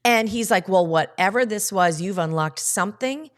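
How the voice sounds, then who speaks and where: A woman guest on a podcast, telling a personal story in a casual, lively way and acting out the quoted dialogue. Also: medium pitch, normal speed.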